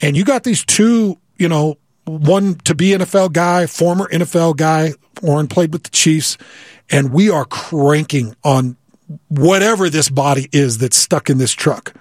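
A man with a somewhat husky, slightly high voice tells a personal story with lively energy. He restarts and repeats words as the details tumble out, and the close, dry recording keeps every word up front. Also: a little slow, no room sound. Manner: vivid, repeats words, acts out quoted voices. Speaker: guest telling a story.

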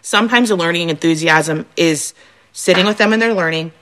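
A woman on a talk show, a mother sharing stories about her children in a chatty, animated way. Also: fairly low pitch, a little fast, poor audio. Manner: animated, acts out her kids' voices. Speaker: guest mother. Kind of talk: casual chat.

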